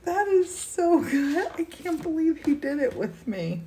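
A woman's voice: high-pitched, very animated, measured pace, background noise. A woman gushing over a gift on a livestream, tearful and exclaiming often. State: teary. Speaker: host of a painting livestream. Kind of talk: emotional casual chat. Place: indoor studio.

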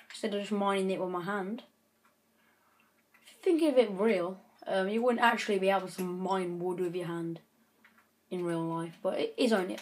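A woman giving chatty gameplay commentary, breaking into frequent frustrated outbursts. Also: medium pitch. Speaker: gaming channel host.

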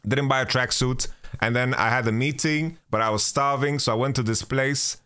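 A man's voice: medium pitch, fairly even intonation, moderate pace, bright, forceful tone, smooth. Rambling, swearing male podcast host. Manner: rambling, profane, lots of restarts and "you know". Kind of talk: casual storytelling podcast.

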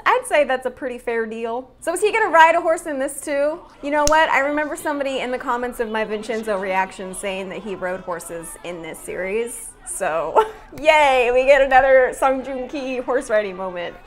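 A woman hosting a drama reaction video, chatting casually and laughing often as she talks back to the screen. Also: fairly high pitch. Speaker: drama reaction channel host.

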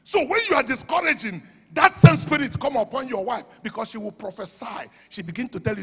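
A man preaching a sermon in Nigerian English. He talks with fervour, shouts at the high points and drops to a hush for quoted asides. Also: animated, brisk, few pauses, husky. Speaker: pastor. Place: church hall. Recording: long hall reverb.

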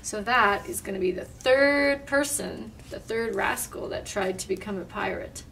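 A woman reading a picture book aloud in a lively, expressive way, adding little asides. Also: medium pitch, moderate pace, creaky. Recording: distant mic, faint room noise.

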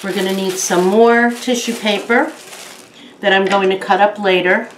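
A woman's voice: mid-range voice, fairly even intonation, moderate pace, background noise. A woman librarian reading a children's story aloud, then patiently explaining a campfire craft step by step. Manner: patient, step-by-step instructions for kids. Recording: roomy echo.

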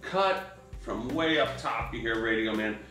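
A film crew member recalling set life in an interview, animated and laughing. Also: male voice, medium pitch, a little slow, recorded from a distance. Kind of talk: anecdotal interview. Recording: echoey room with faint music.

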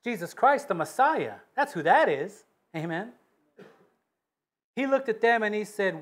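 A man preaching a sermon, reading scripture aloud and swinging between loud fervent peaks and low hushed asides. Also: big pitch swings, a little slow, pauses often. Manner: reads scripture in King James wording with emphatic repetition.

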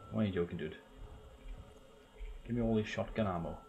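A young Welsh man streams a video game, joking around, swearing and chatting to his viewers in casual let's-play commentary. His voice is low-pitched, unhurried and a little mellow. The highs are cut off, and there's slight background noise.

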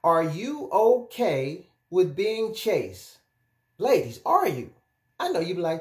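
A man speaking as a relationship and life coach, giving direct-to-camera advice in an animated, emphatic way, often checking in with his listeners. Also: high voice, takes it slowly. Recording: echoey room.

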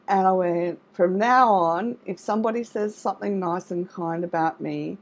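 Here the coach's voice sits on the low side at a moderate pace. A middle-aged woman working in trauma recovery, she addresses her online audience live with warmth and encouragement, reassuring them and regularly pausing for an "okay?" or "all right?"

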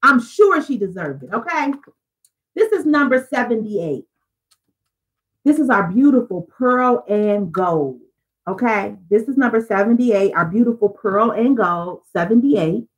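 Over poor audio, a woman with a fairly high, animated voice sells jewelry on a live stream at an unhurried pace. Chatty and upbeat, she talks straight to her viewers, calling them "y'all."

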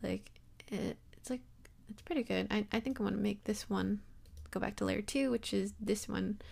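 A young woman walks through a software tutorial in a loose, rambling way, full of fillers and self-deprecating asides. Her voice sits at a middle pitch with a gravelly, fry-tinged edge. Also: fairly even intonation, normal speed. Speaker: tutorial host. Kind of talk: casual screen-recorded software tutorial.

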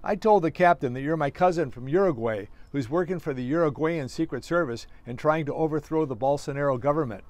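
A man's voice: on the high side, brisk, few pauses, no echo, lightly acted. A man reading aloud, voicing a matter-of-fact male ship's cook who schemes to hide stowaways. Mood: explaining.

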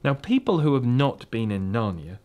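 Male reader, children's storybook read-aloud, medium pitch, gentle and steady. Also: moderate pace.

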